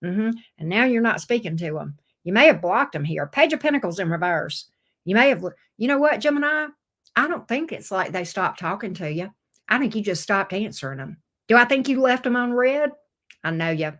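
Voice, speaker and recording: A woman giving a casual tarot reading to camera, expressive and swearing freely as she acts out the viewer's voice. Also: medium pitch, normal speed. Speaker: tarot reader.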